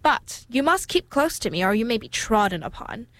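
A woman voicing a fretful, proud mother duck in a storybook reading, with a fussy, lively manner. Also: on the high side, moderate pace, dry recording.

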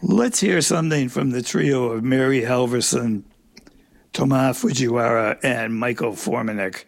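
An older man with a gravelly, creaky voice hosts a jazz radio program. He back-announces tracks in an unhurried, chatty way and drifts into dry, humorous asides. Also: mid-range voice. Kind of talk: relaxed on-air back-announcing.

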